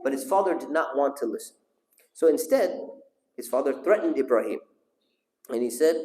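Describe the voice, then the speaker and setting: A man leads a religious lesson, telling a story and pausing to put questions to his listeners and call on them. His voice sits at a middle pitch. The recording carries the echo of a large hall. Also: lively intonation, mellow. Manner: asks the audience questions and calls on listeners. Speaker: sheikh teaching a class. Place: mosque hall. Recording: echoey hall.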